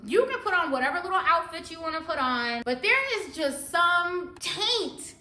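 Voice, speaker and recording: A young woman telling a wild personal story in a storytime vlog, laughing often and swinging between hushed and loud. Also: extremely high pitch, expressive, normal speed, roomy sound.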